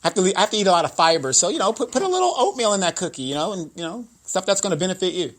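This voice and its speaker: A man in his forties, co-hosting a casual chat show, speaking in a measured, deliberate and outspoken way. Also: high-pitched, big pitch swings, a little hiss or hum. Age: 40s. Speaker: co-host.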